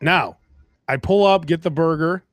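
A man hosting a casual food podcast, chatty and animated, getting loud when he rants. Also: a little high, a little slow, no room sound. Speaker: podcast host. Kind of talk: casual chat.

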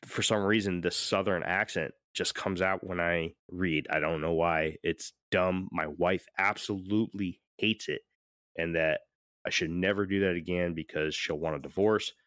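A male podcast host rambles through a casual chat, often laughing. His voice sits low and is a bit bright, with fairly even intonation and a moderate pace, recorded in a clean, dry studio with no room sound.

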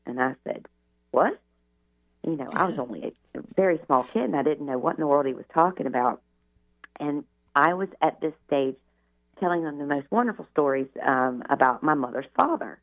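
Gravelly woman on a tinny phone line. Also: a bass voice, moderate pace. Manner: chatty, many "you know" asides. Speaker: guest. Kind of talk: personal storytelling in an interview.

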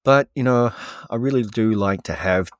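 A male podcast co-host with a lowish voice, recorded dry and close. He talks in a halting, hesitant way, restarting often in relaxed chat. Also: no room sound. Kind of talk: casual chat.

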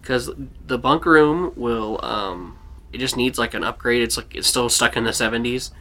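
A young man running a tabletop game as game master, relaxed with lots of fillers and restarts. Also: mid-range voice, moderate pace, a little hiss or hum.

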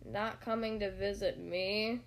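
A woman voicing a gloomy, mournful old male donkey in a storybook reading, low and slow. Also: fairly even intonation, lightly acted. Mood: mopey.

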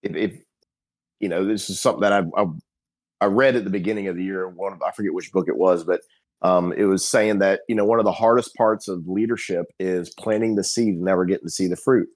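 A middle-aged man with a lowish voice talks loosely as a podcast guest. He rambles and restarts often, coming through on a remote call. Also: quick pace, darkish tone. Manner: rambling, many restarts and "you know". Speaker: guest firefighter captain. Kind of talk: casual podcast chat.

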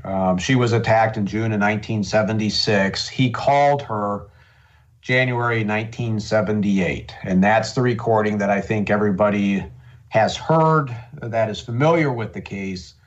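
A man answers an interviewer in a fairly low voice, hesitant at first and then emphatic. The recording is muffled and lo-fi. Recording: muffled lo-fi sound.

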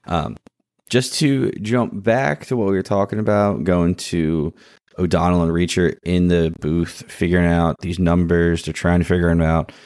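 A man's voice: sits low, moderate pace, no echo, clean studio sound. A man co-hosting a podcast, casually recapping a TV episode and acting out the scenes. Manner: animated recapping, acts out scenes. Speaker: podcast co-host. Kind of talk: casual chat.

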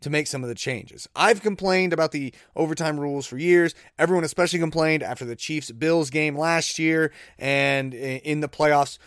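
Dude rambling on his solo podcast, kinda high voice, goes all exasperated, dead dry mic. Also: normal speed, hardly any pauses, fairly bright tone, dry recording. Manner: rambling, self-deprecating, jumps to exasperated disbelief. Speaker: podcast host. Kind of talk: casual solo podcast chat.

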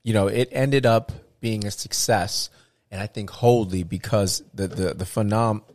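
A man's voice: on the low side, fairly even intonation, a little slow, darkish tone. A man from the United States talking animatedly in a casual conversation, often restarting his sentences and acting out what others said.

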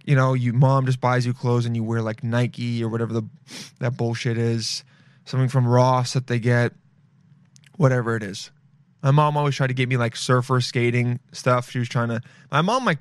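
A young man from Los Angeles hosts a podcast solo, chatting casually with a sniffly nose. He rambles, swears freely, and calls listeners "dude." His voice is medium-pitched and clean at a normal speed, captured in a dry, clean studio recording.

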